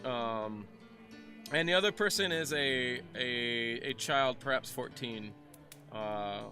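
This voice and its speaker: A young man narrating as game master, chatty and animated, restarting his sentences often. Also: medium pitch, slow, soft background music.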